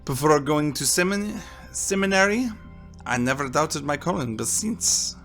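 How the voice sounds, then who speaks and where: A man voicing a calm priest with a French accent, speaking warmly and slowly in a soft, deep voice. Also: soft background music. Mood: musing. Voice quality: warm and deep, soft-spoken. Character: priest, calm middle-aged man, gentle talker.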